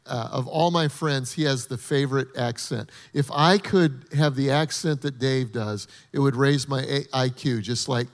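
A man, the host pastor, introducing a guest speaker in a halting way with many fillers. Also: medium pitch. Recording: long hall reverb.

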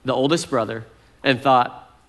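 Casual male pastor, mid-pitched, easygoing sermon delivery with plenty of "kind of". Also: a little slow, gravelly. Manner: conversational, relaxed, fillers like "kind of".

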